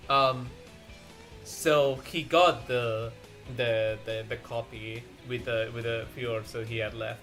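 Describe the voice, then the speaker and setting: A man's voice: medium pitch, fairly even intonation, slow, fairly bright tone, soft background music. A man hosting a casual art stream, chatting with friends, laughing often and rambling with restarts. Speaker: streamer host.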